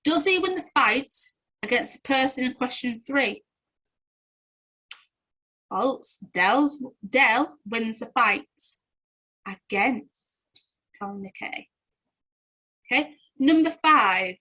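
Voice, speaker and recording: A woman's voice: fairly high pitch, animated, slow pace, pauses often, bright, forceful tone, poor audio. A young woman, chatting casually as she goes through quiz answers and laughing often. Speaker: quiz host.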